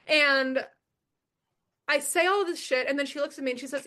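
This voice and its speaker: High-voiced woman telling a raw story. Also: fast talker, a bit bright. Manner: emphatic, blunt and profane, repeats key lines. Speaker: podcast guest. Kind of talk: storytelling in a podcast conversation.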